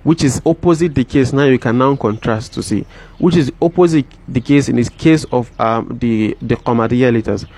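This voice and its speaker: A man teaching a lesson, repeating example words slowly and deliberately, with many fillers and restarts. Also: medium pitch, a little mellow. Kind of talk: explaining a text line by line.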